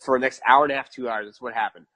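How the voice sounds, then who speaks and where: Animated man telling a rambling story. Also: medium pitch, rapid-fire, no echo. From New York. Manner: animated, repeats phrases for emphasis, laughs at his own story. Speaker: podcast guest. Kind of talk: casual storytelling.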